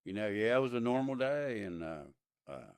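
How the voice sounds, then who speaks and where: A man's voice: lowish voice, big pitch swings, moderate pace, clean tone, dry recording. A man in his fifties, a podcast guest, telling his story in a plain-spoken, rambling way with many fillers. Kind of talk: casual interview storytelling.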